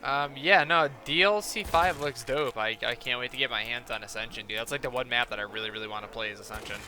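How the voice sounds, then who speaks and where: A man's voice: medium pitch, fast, sharp tone, a little hiss or hum. A man chatting casually while playing a game, ranting and swearing as he retells an argument. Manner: profane, ranting, quoting others in a mocking tone. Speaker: gaming streamer. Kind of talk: casual gameplay chat.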